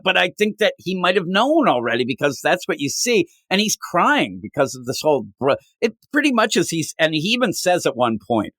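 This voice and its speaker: A man co-hosting a comics podcast in casual chat, rambling and acting out characters' lines with sudden jumps in pitch. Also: sing-song, fairly quick, few pauses, fairly bright tone, dry recording, studio quality. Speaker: podcast co-host.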